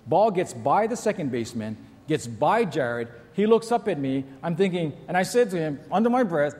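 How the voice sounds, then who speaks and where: A man's voice: on the high side, normal speed, few pauses, big-room sound, slight background noise. A middle-aged man, a pastor, preaching a sermon in a church, telling stories animatedly and acting out the people in them. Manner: animated storyteller, acts out shouts and kids' voices. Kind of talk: sermon with storytelling.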